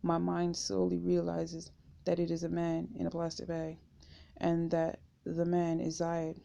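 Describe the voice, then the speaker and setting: Low gravelly woman reading a memoir. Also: dull audio. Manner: steady, unhurried first-person reading. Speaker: audiobook reader.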